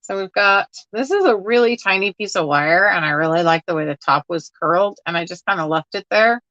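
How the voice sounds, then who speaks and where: A woman's voice: fairly low pitch, fairly quick, a bit bright, no echo, lo-fi sound. A woman chatting casually to viewers while sorting through a box of odds and ends, rambling and laughing at herself. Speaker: crafting vlogger. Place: at home.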